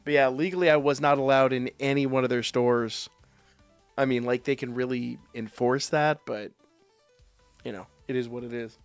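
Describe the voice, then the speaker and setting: A man streaming live, telling a profane, animated story in a casual way. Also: medium pitch, normal speed, clean tone, no room sound, soft background music. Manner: profane, animated anecdote with quoted voices.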